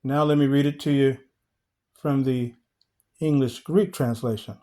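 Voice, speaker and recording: A man with a mid-range, warm voice and fairly even intonation leads a Bible study. He reads scripture slowly and deliberately, posing rhetorical questions to listeners he calls family.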